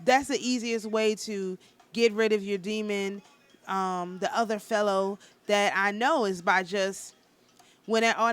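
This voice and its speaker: Speaking in a mid-range voice, a spiritual teacher and tarot reader gives a casual talk on spiritual matters. Her manner is calm and matter-of-fact, even nonchalant, yet with a passionate undertone, and she often restarts her sentences.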